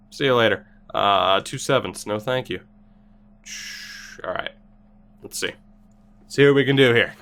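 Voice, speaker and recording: A man's voice: on the low side, sharp tone. A man streaming a hockey video game, muttering sarcastic commentary to himself and talking back to his viewers' chat. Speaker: gaming streamer.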